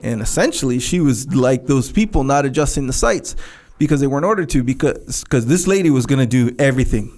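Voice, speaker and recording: A man's voice: medium pitch, animated, a little fast, darkish tone. A man co-hosting a podcast, telling a rambling story and acting out movie lines in casual chat. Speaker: podcast co-host.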